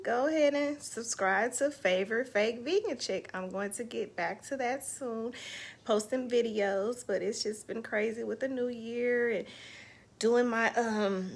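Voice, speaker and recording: A woman hosting an online live show, chatting casually and emotionally about her faith and her week. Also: on the high side. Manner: emotional, heartfelt, faith-filled talk. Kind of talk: casual livestream chat.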